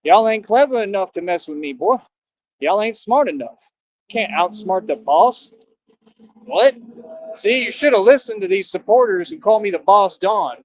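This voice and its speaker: A man's voice: high-pitched, lively intonation, normal speed, lo-fi sound, a little hiss or hum. A man livestreaming outdoors from the street, ranting in a boastful, taunting way, full of slang.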